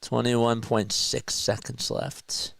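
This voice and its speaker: Slow-talking South Jersey sports caller. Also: male voice, mid-range voice, level tone, vocal fry, fairly bright tone, no echo. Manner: chatty, laughs at his own asides. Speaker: play-by-play commentator. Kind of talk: live play-by-play commentary.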